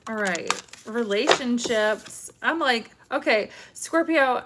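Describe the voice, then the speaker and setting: A woman's voice: fairly high pitch, animated, takes it slowly, few pauses. A woman giving a chatty, rambling live tarot reading, often breaking into giggles, recorded at home. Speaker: tarot reader. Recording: noisy home stream with card shuffling.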